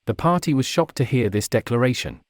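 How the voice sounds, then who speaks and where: A man reading a fantasy story aloud in a steady, measured way. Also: medium pitch, no echo, studio quality. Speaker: narrator. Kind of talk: storybook narration.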